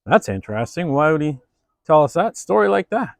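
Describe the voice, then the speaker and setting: A man's voice: on the high side, sing-song, fairly quick, gravelly, no room sound, clean studio sound, voice pushed up. A man voicing a bemused male police chief who asks what is going on. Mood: puzzled. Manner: bemused, questioning.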